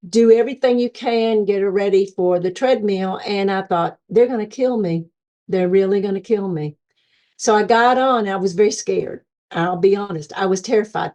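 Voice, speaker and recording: A woman's voice: medium pitch, dark tone. A middle-aged woman telling her near-death experience as personal testimony, earnestly acting out the thoughts she remembers having.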